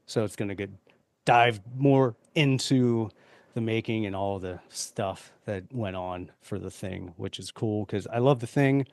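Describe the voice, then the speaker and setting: A laid-back man hosting a podcast, a little low in pitch, speaking easily with fillers. The recording is dry and close. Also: a little slow, no room sound. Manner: relaxed, easygoing, fillers. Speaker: podcast host. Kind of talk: casual chat.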